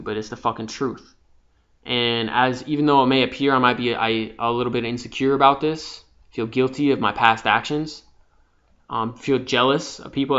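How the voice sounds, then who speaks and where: A young man giving an impassioned, profane spiritual monologue, dropping from hushed to loud. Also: medium pitch. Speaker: vlogger. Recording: slightly dull lo-fi sound.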